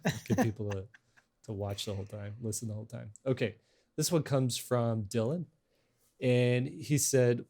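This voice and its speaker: A man's voice: mid-range voice, normal speed, mellow. A middle-aged man hosting a casual podcast chat, talking in a rambling, hesitant way with many restarts. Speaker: podcast host.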